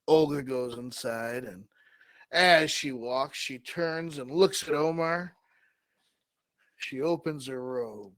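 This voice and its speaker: A man co-hosting a comedy show, improvising a story with slow, drawn-out delivery and dramatic pauses. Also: mid-range voice, fairly bright tone, no echo. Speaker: co-host.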